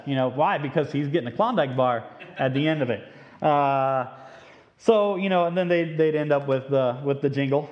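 A man giving an informal talk to a live audience through a microphone, speaking conversationally and acting out quoted lines. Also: medium pitch. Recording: dull lo-fi recording.

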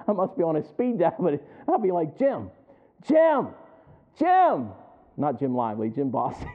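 A man's voice: a little high, big pitch swings, fairly quick. A middle-aged man preaching a sermon. He talks conversationally, often chuckling, and keeps asking the congregation to answer him back. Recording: tinny phone-like sound.

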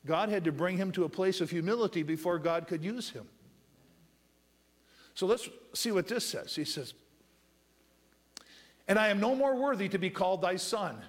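A man preaching a sermon who reads scripture slowly, calls on the congregation to fill in words, and swings between loud raised passages and quiet asides. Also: high voice, animated. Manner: asks the congregation to finish verses with "what?"; reads scripture in slow drawn-out phrases. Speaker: pastor.

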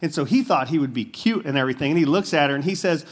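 A man's voice: fairly high pitch, expressive, fast. A man preaching a sermon to a church audience in a casual, conversational way, with fillers and asides. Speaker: pastor.

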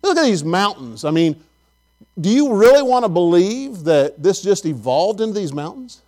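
A middle-aged pastor with a notably high voice for a man, preaching in a homey, conversational way. He tells stories and talks straight to his congregation. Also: big pitch swings, normal speed, a little mellow. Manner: folksy, storytelling, chatty with the congregation. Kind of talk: sermon.

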